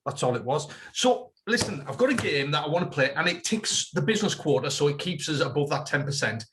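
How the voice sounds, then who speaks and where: A man co-hosting a casual comedy podcast, playful and quick to laugh. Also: background noise. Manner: playful, giggly, lively pitch swings. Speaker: podcast co-host.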